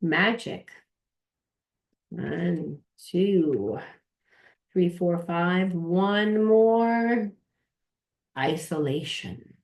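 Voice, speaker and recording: A woman's voice: lowish voice, lively intonation, very slow, vocal fry, pauses often, a little mellow. A woman giving a casual tarot reading, rambling, repeating herself and swearing offhandedly. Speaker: tarot reader and trauma coach.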